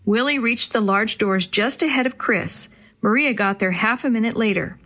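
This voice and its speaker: A woman reads a children's story aloud with clear, expressive narration. Her voice sits a bit high. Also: moderate pace. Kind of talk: storybook reading.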